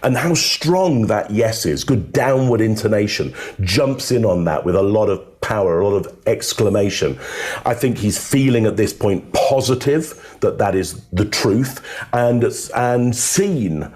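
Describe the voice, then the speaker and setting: A man, a body language analyst, giving measured casual commentary on video clips with some filler words. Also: lowish voice, expressive, a little mellow.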